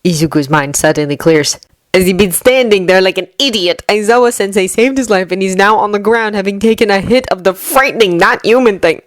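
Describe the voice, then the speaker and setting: A woman narrating a fanfiction audiobook with steady, measured storytelling. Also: medium pitch, no echo. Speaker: fanfiction reader.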